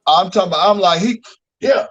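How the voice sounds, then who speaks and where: A man telling animated, profane stories in a casual chat, acting out the people he quotes. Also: high-pitched, fairly quick. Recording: dull lo-fi recording.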